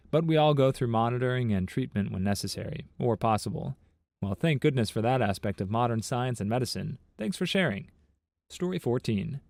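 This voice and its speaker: A man narrating a compilation of internet stories and comments in a steady, even read-aloud manner. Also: medium pitch, gravelly, no room sound. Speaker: narrator of online story compilations.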